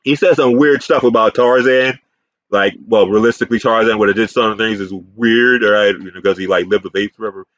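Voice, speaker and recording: Profane, combative man with a low voice. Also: fairly even intonation, a little fast, a bit bright, dry recording. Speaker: YouTube commentator. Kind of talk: ranting commentary to camera. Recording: dull, muffled sound.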